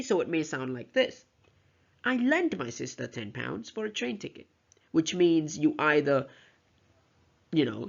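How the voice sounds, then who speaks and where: This creaky, medium-pitched voice has a fairly bright tone. It belongs to a teacher lecturing on pronunciation, moving step by step and modeling example sentences aloud, captured on a dull lo-fi recording.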